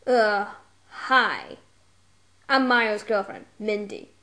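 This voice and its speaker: A woman's voice: mid-range voice, animated, takes it slowly, fairly bright tone. A woman voicing a bossy, chain-smoking girlfriend who mocks and teases. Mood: sassy. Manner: mocking, bossy teasing.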